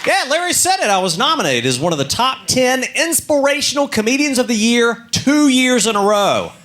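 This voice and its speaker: High-voiced deadpan stand-up comedian man. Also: normal speed, crowd noise, background noise. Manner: deadpan storytelling with quoted characters.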